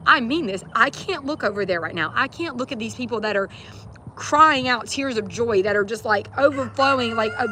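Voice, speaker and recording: A woman's voice: fairly high pitch, bright, forceful tone, a little hiss or hum. A woman on a livestream, talking earnestly about her faith in a rambling way, with many fillers and restarts. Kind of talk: casual faith talk on a livestream.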